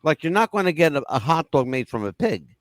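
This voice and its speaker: A man hosting a casual talk-radio show, talking in a fairly high voice that swings widely up and down. His patter is crude and profane, full of animated storytelling. The sound is dry and close. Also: fast talker, dry recording. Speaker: radio host.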